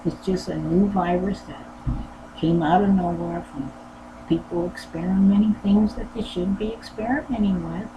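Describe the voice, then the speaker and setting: A low-pitched woman talks earnestly and rambles, looping back over the same phrases. There is steady, clearly audible noise behind her voice. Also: normal speed, lo-fi sound. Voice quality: low voice that does not go higher. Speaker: sewing channel host. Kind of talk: casual personal talk. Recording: noisy background.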